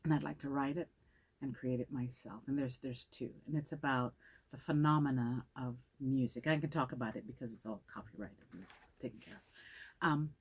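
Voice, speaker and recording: Older woman, Caribbean British accent, very low voice; measured, reflective interview guest who acts out quotes. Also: steady tone, husky. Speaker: guest actress.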